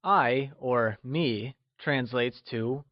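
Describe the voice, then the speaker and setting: A man narrating a scripted language lesson, slow and encouraging, with deliberate explanations. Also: mid-range voice, dry recording, lo-fi sound. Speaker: language teacher.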